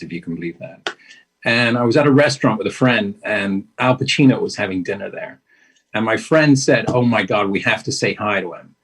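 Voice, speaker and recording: A husky-voiced man spinning an anecdote as a show guest. His voice sits at an ordinary pitch, slightly breathy, and he tells the story in a casual, animated way. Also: rough recording. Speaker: guest, actor.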